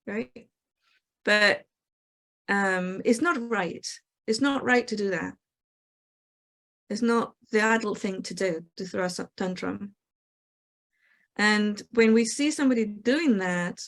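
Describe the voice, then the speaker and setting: A woman hosting a spiritual talk show, calmly explaining her ideas and acting out the replies people give. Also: mid-range voice. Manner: reflective, explanatory, acts out quoted replies. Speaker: host.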